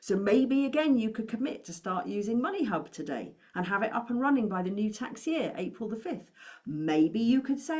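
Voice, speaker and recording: Encouraging money coach. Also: female voice, fairly high pitch, big pitch swings, moderate pace, warm tone. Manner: encouraging, asks the listener many questions. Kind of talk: motivational talk to camera.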